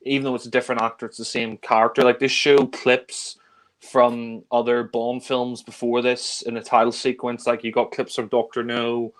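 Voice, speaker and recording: A man talks in an easygoing, rambling way, full of enthusiasm for the films he discusses. His voice sits in an ordinary middle pitch. He sounds like one co-host in a casual chat among friends. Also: level tone, moderate pace.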